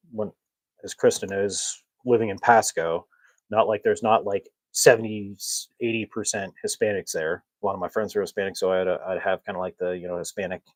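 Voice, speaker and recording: Low-voiced rambling podcast host man. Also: dry recording, rough recording. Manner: rambling, chuckles often, self-mocking humor. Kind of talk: casual chat.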